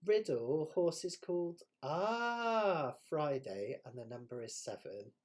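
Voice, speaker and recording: A man's voice: a little high, animated, slow pace. A man from the West Country of England with a West Country accent, hosting a live ukulele jam stream in a chatty, self-deprecating way and laughing often. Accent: West Country English. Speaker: ukulele teacher and jam host. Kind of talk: casual live-stream chat.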